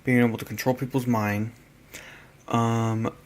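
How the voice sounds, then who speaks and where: A tired man narrating a casual hobby painting vlog, halting and rambling as he trails off mid-thought. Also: mid-range voice, flat delivery. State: tired, yawning.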